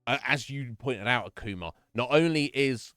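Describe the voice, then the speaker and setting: A man's voice: medium pitch, animated, moderate pace, fairly bright tone, smooth, dry recording, studio quality, faint music behind. A man streaming live, casually recapping a horror game's story in a rambling, swear-heavy way and laughing often. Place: home streaming setup.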